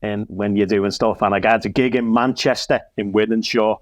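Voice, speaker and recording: A man from Liverpool with a Liverpool accent, a guest comedian and minister telling a lively anecdote and acting out dialogue. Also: fairly low pitch, moderate pace, no echo. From Liverpool, England. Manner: lively storyteller, acts out dialogue. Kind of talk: casual anecdote.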